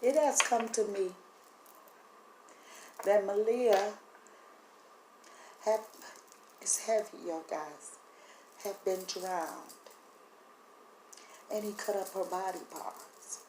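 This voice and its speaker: Her warm, mid-range voice keeps breaking as she tearfully talks to the camera, sharing spiritual impressions in an earnest, halting manner. The room is echoey, with a faint hum running underneath.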